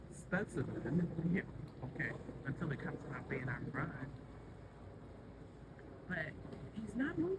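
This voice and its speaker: A gardening vlogger talking aloud outdoors in their own garden, a little out of breath, chatty and startled, speaking to an animal. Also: mid-range voice. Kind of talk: casual handheld vlog commentary. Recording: outdoor audio with clear traffic noise.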